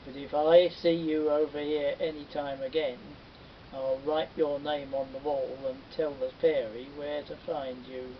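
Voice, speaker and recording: A man's voice: flat delivery, measured pace, close to an everyday voice. A man voicing a stern, no-nonsense hunter father in a folktale, curt and commanding. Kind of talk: folktale storytelling. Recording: dull distant recording with faint rumble.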